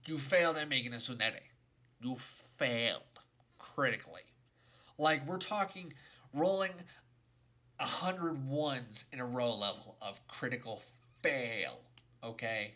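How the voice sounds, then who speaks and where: A man's voice: mid-range voice, bright, forceful tone. Exasperated young man ranting a review. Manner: exasperated, emphatic and sarcastic. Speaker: game reviewer. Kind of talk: ranting video game review.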